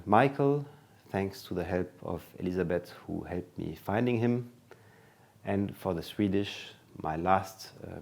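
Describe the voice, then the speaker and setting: Slow, deep-voiced man hosting his channel. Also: a little mellow. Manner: measured, listing names one by one with pauses and fillers. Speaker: channel host. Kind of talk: video introduction to a best-of.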